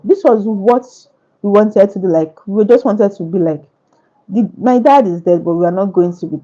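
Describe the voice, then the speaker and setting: A woman's voice: mid-range voice, dark tone, highs cut off. A woman author answering questions at a book launch, speaking earnestly with repetitive, preacher-like phrasing.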